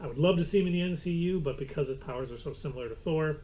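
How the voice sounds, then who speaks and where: A man's voice: on the high side, rapid-fire, mellow, poor audio. A man co-hosting a casual movie recap, an eager fan who drifts into comic-book trivia. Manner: enthusiastic fan, digresses into comic-book lore. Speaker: co-host.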